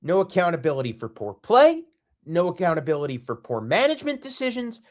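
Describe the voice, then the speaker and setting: Male podcast host, fed-up solo rant, lively swinging pitch. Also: brisk. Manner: exasperated, repetitive, emphatic.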